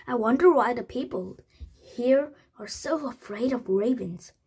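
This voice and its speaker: A woman voicing a cheerful young girl adventurer in a storybook, speaking gently and coaxingly, with slow and halting delivery. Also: a little high, slightly rough.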